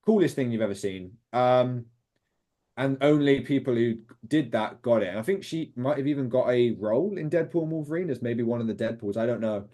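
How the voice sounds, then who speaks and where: A young British man speaks as an interview guest, recounting his time as a film extra. He rambles enthusiastically, with frequent fillers and restarts, at a middle pitch. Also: brisk, mellow. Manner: enthusiastic, rambling, lots of fillers and quoted voices. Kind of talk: casual interview storytelling.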